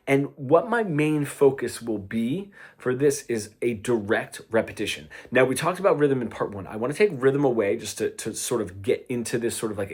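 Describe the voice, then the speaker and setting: A man's voice: on the low side, husky. A man teaching guitar in a casual lesson, talking in a chatty way and checking in with frequent "right?" asks between his playing examples. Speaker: guitar coach. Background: guitar playing between phrases.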